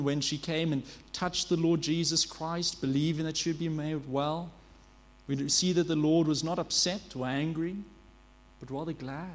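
A man with a high, light voice preaches an earnest sermon, asking rhetorical questions and stopping now and then to correct a word. A low mains hum sits under the recording.

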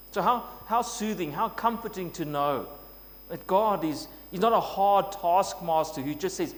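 A man's voice: sits high, animated, moderate pace, a bit bright. A man preaching a sermon in an earnest way, building to emphatic scripture quotes. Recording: long reverb, faint noise with hum.

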